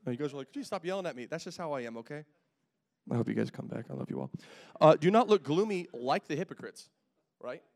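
A young adult man preaching a sermon in a church, joking with the congregation and swinging from quiet, intimate talk to loud bursts, sweating in the heat. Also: on the high side. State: sweating in a hot room. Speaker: pastor. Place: church sanctuary.

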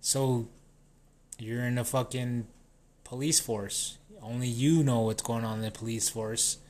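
A man's voice: medium pitch, steady tone, unhurried, darkish tone. Casting: man in an unscripted rant, heavy profanity, loose and rambling delivery, mid-range voice. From New Mexico. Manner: swears constantly, rambling, restarts sentences.

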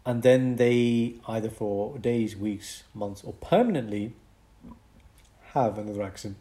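A young man, co-hosting a casual podcast and explaining a medical condition in an animated way. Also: lowish voice, a little slow. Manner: explanatory, animated, breaks into mock accents for fun. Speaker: podcast co-host, doctor.

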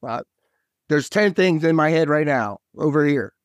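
A man's voice: fairly high pitch, lively intonation, normal speed, no echo, studio quality. A man, a guest author, in casual faith talk, speaking eagerly and in scattered bursts with many restarts.

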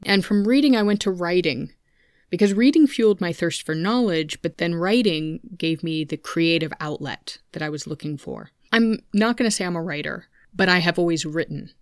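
A woman in her thirties talks openly into a home podcast microphone, chatty and candid, with asides to her listeners. Her voice sits a little low and sounds smooth and resonant. The sound is dry and close, with no room around it. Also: lively intonation, normal speed, no room sound. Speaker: podcast host. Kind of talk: personal podcast monologue. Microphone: studio microphone at a home computer.

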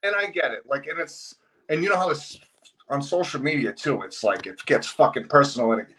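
A man's voice: a little high, brisk, fairly bright tone, poor audio. A man in casual chat, ranting bluntly and swearing a lot.

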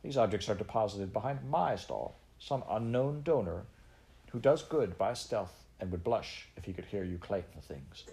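A man's voice: on the low side, expressive, normal speed, vocal fry, warm tone. A man reading aloud and voicing a pompous, stern, stout woman stallholder in a storybook. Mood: indignant. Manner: stern, haughty, scolding.

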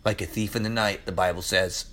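A man preaching in an excited, informal way, laughing often and repeating lines for emphasis as the host of a Bible teaching show. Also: fairly low pitch, a little fast.

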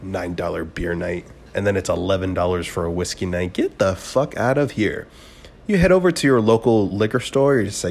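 A man's voice: low voice, normal speed, creaky, a little mellow. A man, hosting a podcast as a profane, rambling, bro-style storyteller. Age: 20s. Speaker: podcast host. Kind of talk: casual monologue.

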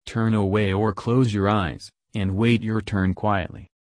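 An angry male Great Spirit from an old legend, commanding and punishing a rude creature, as a male narrator reads him. His voice is low, and the sound is dry and close. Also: little pitch movement, measured pace, dry recording, lightly acted. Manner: commanding and scolding. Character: stern, angry male Great Spirit and maker of all things.

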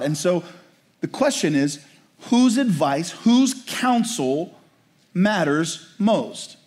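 A man's voice: high voice, very animated, slow, a little mellow. A man preaching a sermon in a conversational way, often asking his listeners "right?". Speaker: pastor.

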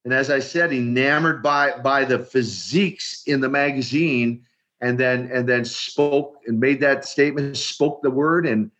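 An older man from Minneapolis, an animated storyteller who often repeats words as he starts his sentences in an interview. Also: medium pitch, a little slow. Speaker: retired wrestler guest. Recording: dull lo-fi sound.

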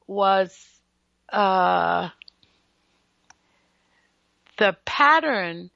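A woman with a bright, gravelly voice, pitched a little high, delivers a radio health talk at an unhurried pace. She lectures with emphatic, teasing asides to her listeners. The sound is dry and a bit dull, like a lo-fi radio broadcast. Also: no room sound.

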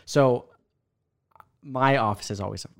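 A man in his thirties talks things through with his co-host in a loose, rambling way, often restarting his sentences. His voice is smooth and clear and sits at an average pitch. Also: unhurried. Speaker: podcast co-host. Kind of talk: casual chat.

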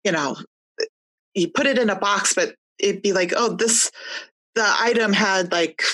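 A woman's voice: mid-range voice, measured pace, a bit bright, slightly rough. A woman in casual chat who rambles and halts, with many fillers.

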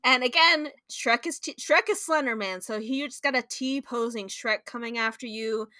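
A woman's voice: fairly high pitch, moderate pace, bright, forceful tone, dry recording, studio quality. A young woman co-hosting a podcast, chatting casually and telling stories animatedly with playful sound effects and laughter. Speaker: podcast co-host. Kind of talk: casual chat.

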